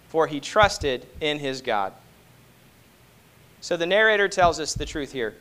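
A man preaching a sermon to a congregation, moving between hushed, slow passages and loud, emphatic ones and often asking rhetorical questions. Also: medium pitch, expressive, smooth. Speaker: pastor.

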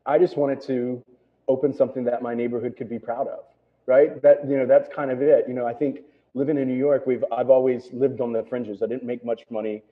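Middle-aged man, restaurateur guest, quick rambling casual talk full of fillers, phone-line sound. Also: mid-range voice, flat delivery. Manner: rambling, full of "you know" and "right?". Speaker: restaurant owner.

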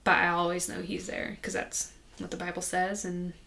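A woman guest on a podcast, telling a personal faith story in a soft, halting, conversational way. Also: on the low side, flat delivery, vocal fry. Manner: soft-spoken and halting, with many restarts.

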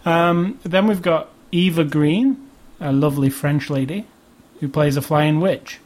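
A man's voice: fairly high pitch, a little slow, darkish tone. A man with a British accent co-hosting a casual film review chat in a dry, wry way. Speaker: film review podcast co-host.

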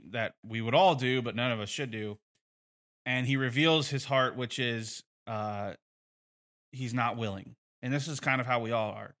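A man's voice: mid-range voice, bright, forceful tone. A man teaching a bible lesson in a conversational way, with frequent fillers and restarts.

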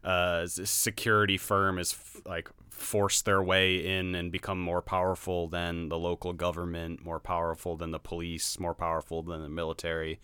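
Man, low and bright, blunt laughing game reviewer; crisp, dry close recording. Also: monotone, normal speed, hardly any pauses, dry recording. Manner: laughing, blunt, swears freely. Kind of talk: casual podcast chat.

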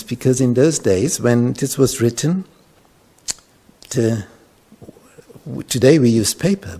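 Here a man's mellow, slightly rough mid-range voice carries a sermon. He's a pastor telling scripture as dramatic story, falling abruptly to a whisper at times, with repeated words and false starts throughout.

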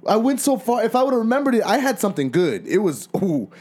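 Animated, joking male podcast co-host. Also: sits high, fast. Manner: joking, profane, laughs often. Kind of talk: casual chat.

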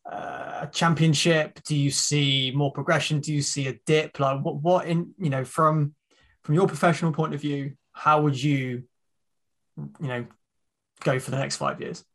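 A man with a slightly high, gravelly voice hosts a podcast. He asks his questions loosely and hesitantly, circling back with fillers before landing on the point. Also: steady tone, normal speed, fairly bright tone. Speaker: podcast host. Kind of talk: casual podcast interviewing.

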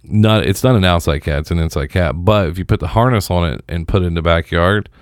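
Deep-voiced man rambling in a dry studio. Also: smooth, no room sound. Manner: rambling, halting, many restarts. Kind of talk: casual chat.

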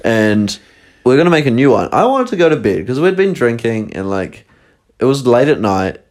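A man's voice: medium pitch, very animated, normal speed. Dry, teasing young New man. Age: young adult. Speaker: podcast co-host. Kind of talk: casual chat.

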